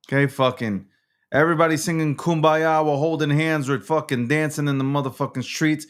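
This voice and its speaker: A man with a slightly high, steady, clean voice talks briskly as he hosts a nightly recap show. He's ranting on camera, heated and profane, swearing a lot and repeating himself.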